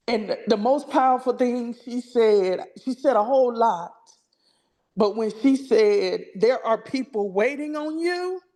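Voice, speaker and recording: A woman's voice: a little high, a little mellow. A woman hosting an online meeting, giving fervent, churchy remarks and calling her audience y'all over a video call. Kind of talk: emotional closing remarks to a group.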